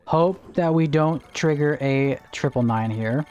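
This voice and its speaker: A man's voice: fairly high pitch, unhurried, a little mellow, smooth, muffled recording, faint music behind. A man streaming a game live, chatting casually, answering chat and counting out spins, with no regional accent. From Texas. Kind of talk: casual live gameplay commentary.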